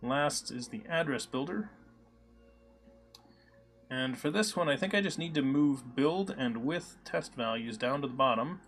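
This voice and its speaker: A man's voice: mid-range voice, lively intonation, measured pace. A man hosting a live coding stream, thinking aloud with many fillers and answering chat. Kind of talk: casual live-coding commentary. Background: soft background music.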